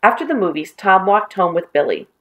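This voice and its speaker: A woman's voice: mid-range voice, big pitch swings, brisk, fairly bright tone, muffled recording. Woman, storybook reading, playful character voices, friendly asides. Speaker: children's book reader. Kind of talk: reading a children's novel aloud.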